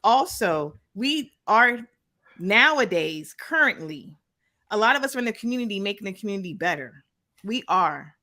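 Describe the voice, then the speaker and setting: Bright-voiced woman, firm in debate. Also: mid-range voice, sing-song, normal speed. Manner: firm, insists on finishing her point. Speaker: call-in guest. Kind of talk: heated debate.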